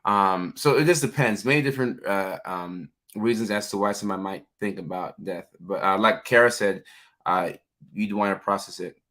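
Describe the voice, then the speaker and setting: A man hosts a casual livestream in a bright, forceful voice that sits a little low. He talks loosely and warmly to his viewers, stumbling through fillers and calling out their names. The delivery is informal and conversational. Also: normal speed. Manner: chatty, reads viewer names aloud, many fillers. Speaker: livestream host, mental health clinician.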